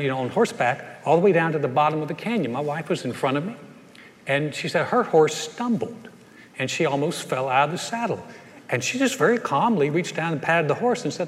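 A man preaching a sermon as a pastor, telling folksy stories and pushing his punchlines with animated energy. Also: on the high side. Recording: long hall reverb.

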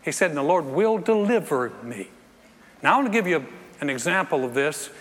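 Animated pastor in a hall. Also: male voice, a little high, fairly quick. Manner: animated, acts out scenes, jokes with congregation. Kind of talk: sermon. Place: church sanctuary. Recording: reverberant hall with faint ambience.

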